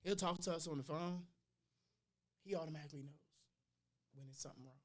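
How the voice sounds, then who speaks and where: A young adult man guesting on a podcast tells personal stories in casual slang, quickly and at a fairly high pitch. His volume swings between loud and quiet.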